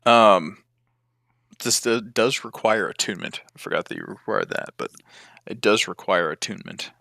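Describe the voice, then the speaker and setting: A man's voice: lowish voice, big pitch swings, normal speed, creaky, sharp tone, no room sound, studio quality. A man narrating a tabletop game as game master, hesitant and full of ums.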